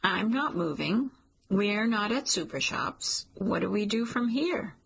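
A woman's voice: medium pitch, big pitch swings, normal speed, gravelly, husky, full character voice. A woman voicing a teasing, earnest young man. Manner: gently teasing, sincere.

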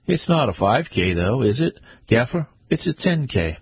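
A man's voice: mid-range voice, sing-song, normal speed, husky, no echo, pitched above the performer's own voice, exaggerated voice. A man voicing a mocking joker dressed as Santa, needling his friend. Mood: teasing. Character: teasing joking man in a Santa suit.

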